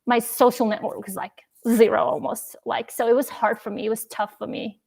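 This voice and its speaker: A woman's voice: on the high side, flat delivery, moderate pace, vocal fry, darkish tone. Young woman telling her story. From Uzbekistan. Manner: emotional, acts out family dialogue. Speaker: podcast guest. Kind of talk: casual interview storytelling.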